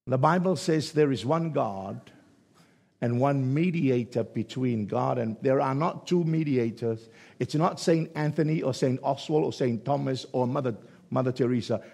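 A man preaching a sermon, swinging between hushed, drawn-out lines and sudden loud shouts. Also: mid-range voice, gravelly, husky.

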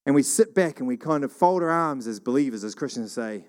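A middle-aged man from New Zealand telling rambling church stories in a casual, animated monologue. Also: medium pitch, quick pace. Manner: rambling, animated, acts out quoted voices.

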